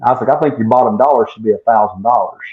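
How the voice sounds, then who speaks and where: A man's voice: medium pitch, racing. A man telling a long story in casual chat, full of "I was like" asides, as a guest distiller. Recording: dull lo-fi sound.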